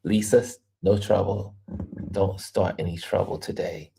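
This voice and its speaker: A man's voice: low voice, a little slow, vocal fry, slight background noise. A man hosting a casual livestream, chatting loosely and reading viewer comments aloud with frequent laughter. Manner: animated, laughs often, reads chat aloud. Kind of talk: casual live chat.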